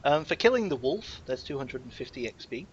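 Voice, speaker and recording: A man's voice: medium pitch, sing-song, a little fast, highs cut off, slight background noise. A man running a tabletop game as game master, talking in a rambling, playful way with lots of fillers.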